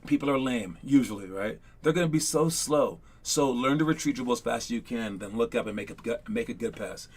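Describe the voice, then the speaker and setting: A man running a casual live online basketball coaching session, chatty and rambling with lots of fillers, teasing and excitable. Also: medium pitch, a little fast, few pauses, husky.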